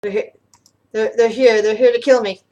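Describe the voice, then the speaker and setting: A woman's voice: a little high, fairly even intonation, normal speed, darkish tone, far from the mic, muffled recording, natural voice. A woman voicing a paranoid, muttering madman in a tabletop game.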